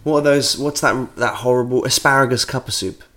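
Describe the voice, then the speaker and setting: A man's voice: medium pitch, fairly quick, a bit bright. A man co-hosting a podcast, ranting sarcastically and swearing a lot in casual chat. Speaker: podcast co-host.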